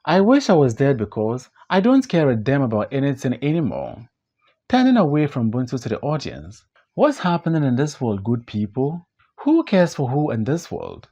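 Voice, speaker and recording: In an audiobook play reading, a man voices a desperate grown man who pleads and protests, his pitch swinging widely. The delivery is slow and weighty, with a mellow, full character voice.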